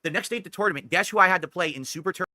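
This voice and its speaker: A man's voice: high-pitched, very fast, pushed and bright, dry recording. A man in a played clip, telling a personal story in a defensive, rambling way.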